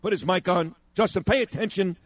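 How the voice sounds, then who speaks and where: A man's voice: sits high, fairly quick, no echo. A man co-hosting talk radio, telling a story with indignant emphasis and acting out the exchanges. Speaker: radio talk show co-host.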